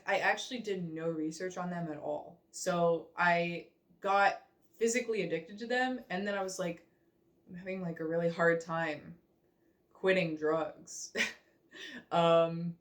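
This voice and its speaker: A young woman rambling chattily in a casual reaction vlog, full of fillers and self-mockery. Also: mid-range voice. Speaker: vlogger.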